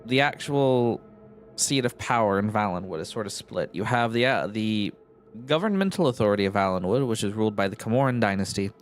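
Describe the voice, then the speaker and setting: A man's voice: lowish voice, lively intonation, brisk, faint music behind. A man narrating his gameplay in a rambling, musing way, often correcting himself with chuckling asides. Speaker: let's-play host.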